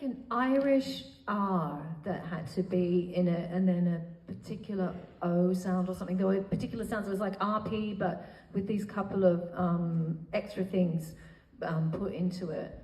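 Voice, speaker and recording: A woman's voice: on the low side, moderate pace, dark tone. A woman speaking thoughtfully as a guest on a convention panel. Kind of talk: casual panel talk. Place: large convention hall. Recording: distant, dull echoey hall sound.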